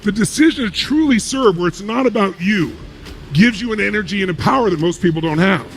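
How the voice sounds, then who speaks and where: A man with a high voice that leaps around gives an emphatic motivational talk, firing rhetorical questions and answering them. Faint music plays beneath his speech. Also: lively intonation, fairly quick, a bit bright. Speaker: motivational speaker.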